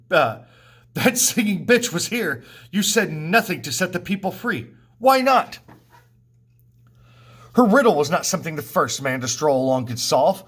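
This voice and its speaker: Brief: male teacher reading an angry, proud king, accusing and sneering, voice a touch high. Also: fairly bright tone, slightly rough, heavily acted. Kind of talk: reading a play aloud.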